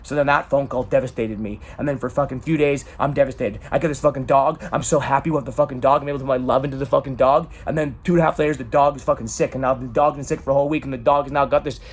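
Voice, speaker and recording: A man's voice: mid-range voice, fairly even intonation, racing, hardly any pauses, slightly rough. A man in an emotional personal monologue, talking dramatically and swearing often. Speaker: vlogger.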